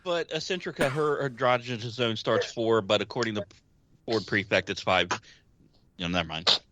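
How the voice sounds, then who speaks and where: A man's voice: fairly low pitch, normal speed, pushed and bright, lo-fi sound, a little hiss or hum. A man chatting casually as a podcast co-host, making wry jokes. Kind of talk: casual chat.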